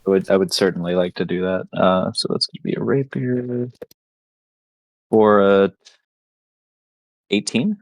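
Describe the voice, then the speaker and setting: A man with a very low voice plays in a tabletop game, describing his character's attacks in loose, casual speech. The sound is dry and close, with no room echo. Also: level tone, measured pace, long pauses. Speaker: player.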